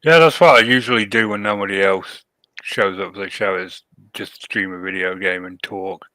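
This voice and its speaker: A man's voice: sits low, steady tone, normal speed, sharp tone, no room sound. A man co-hosting a podcast in casual chat, easygoing and prone to rambling explanations. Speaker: podcast co-host.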